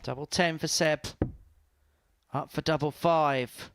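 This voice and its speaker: A man's voice: a little high, fairly even intonation, takes it slowly, a bit bright, smooth. A man doing live darts commentary, chatty and informative, mixing play-by-play with anecdotes.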